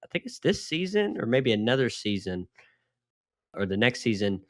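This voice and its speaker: A young man co-hosting a casual chat at a middle pitch. He rambles in an animated way, full of fillers and quick asides. The recording is dry and close. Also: no room sound. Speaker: podcast co-host.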